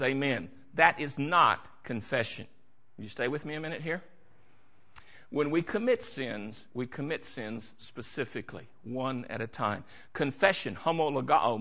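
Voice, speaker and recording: A man's voice: sits high, pushed and bright, highs cut off. A man preaching a sermon, storytelling with dramatic swings and acting out the voices he quotes. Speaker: pastor.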